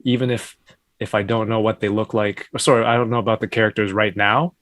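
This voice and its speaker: A man's voice: lowish voice, level tone, fast talker, fairly bright tone, no echo. A man in a casual chat, rambling and restarting his thoughts as he talks.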